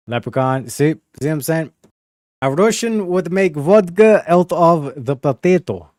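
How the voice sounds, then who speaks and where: A man in his younger years chats loosely to his stream, drifting between thoughts with plenty of "bro". His voice sits a little high for a man, and the sound is close and dry with no room around it. He is relaxed and slangy throughout. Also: slow pace, long pauses, no echo. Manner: rambling, slangy, peppered with "bro" and "you know what I mean". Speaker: livestream host. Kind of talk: casual chat.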